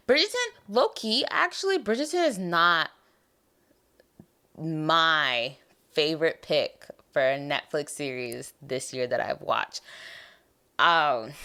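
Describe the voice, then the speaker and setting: A young American woman with a low voice chats casually on her podcast. She sounds tired but keeps rambling in an animated way, often trailing off and starting over. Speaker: podcast host. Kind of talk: casual TV review chat.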